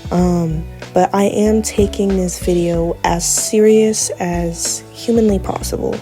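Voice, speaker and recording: A woman giving a casual commentary vlog, talking in a halting, stuttering way with many fillers. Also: lowish voice, steady tone, mellow, soft background music. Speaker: commentary YouTuber.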